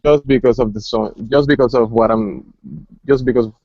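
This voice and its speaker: A man with a noticeable accent, chatting casually on a group call, halting and repeating words. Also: medium pitch, steady tone, no echo. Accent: foreign accent. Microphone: computer mic on video call. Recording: muffled dry online call audio.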